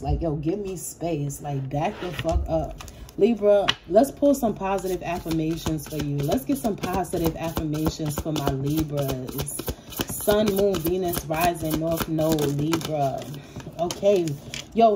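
A woman's voice: medium pitch, mellow, a little hiss or hum. Laid-back New woman reading tarot. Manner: streetwise slang, frequent swearing, loose rambling asides; addresses viewers directly and affectionately. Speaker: tarot reader. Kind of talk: casual tarot reading monologue.

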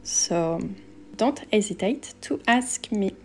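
A woman's voice: medium pitch, slow. A woman narrating a shopping vlog as a personal shopper and stylist, chatty and enthusiastic. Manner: relaxed, chatty, enthusiastic about pieces. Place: Paris shops and rooftop.

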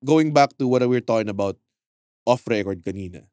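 A man with a Filipino accent hosting a comedy podcast, teasing his guest in animated casual chat. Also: mid-range voice, clear, resonant tone, no room sound, clean studio sound. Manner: teasing, animated, quick to laugh. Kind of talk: casual podcast chat mixing Tagalog and English.

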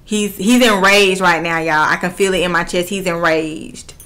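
Earnest woman medium, low bright voice. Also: fairly even intonation, normal speed. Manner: earnest, repeats phrases, relays messages. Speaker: spiritual medium. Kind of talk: channeling reading to camera.

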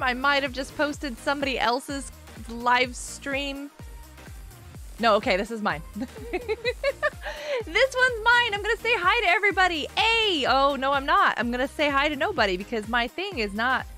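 A woman's voice: high voice, animated, moderate pace, sharp tone, soft background music. A woman chatting casually on a gaming live stream from a carpeted room at home, giggly and laughing often.

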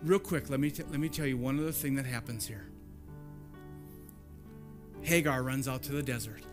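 A man's voice: medium pitch, normal speed, music in the background. A man preaching a sermon as pastor in a church, conversational and storytelling, repeating lines for emphasis.

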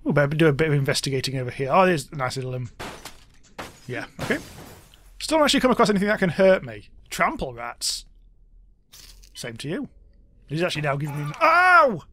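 A young man talks his way through a video game in a chatty, wry let's-play style, breaking into exclamations when something jumps out. His voice sits a little high and swings widely in pitch. He sounds close to a desk mic. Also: sing-song, quick pace, pauses often, a bit bright. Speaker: gaming YouTuber.

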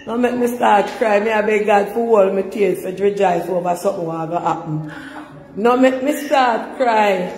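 A woman's voice: mid-range voice, little pitch movement, fairly quick. A Jamaican woman hosting an emotional live chat, fighting tears and praising God as she talks to her viewers. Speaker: live-stream host. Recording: long reverb, loud crowd behind.

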